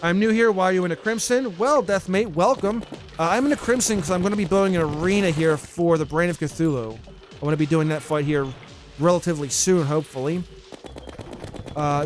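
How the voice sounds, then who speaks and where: A man's voice: on the high side, a little hiss or hum. A man streaming a game live, chatting casually and answering his chat as he plays. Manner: chatty, reads and answers chat, frequent restarts.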